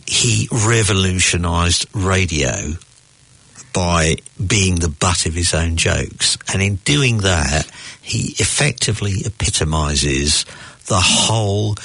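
Deep husky guy chatting about comedy, slow and gravelly. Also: bright, forceful tone, dry recording. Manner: slow, deliberate joke telling with voiced characters. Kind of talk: casual debate about comedy.

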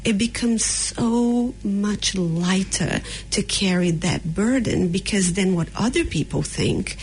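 A woman's voice: mid-range voice, slow pace, breathy edge, low-quality recording. A woman with a Brazilian accent, speaking bluntly and frankly as a podcast guest in a candid conversation. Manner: blunt and frank, mixing in sharp retorts.

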